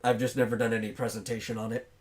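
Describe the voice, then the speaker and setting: A man hosting a casual podcast, thinking aloud as he talks, with many pauses and fillers. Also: on the low side, flat delivery, darkish tone. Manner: chews on bread while talking. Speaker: podcast host.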